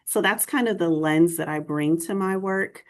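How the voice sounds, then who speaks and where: Deep-voiced woman panelist. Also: normal speed. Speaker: library panelist. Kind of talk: panel discussion remarks.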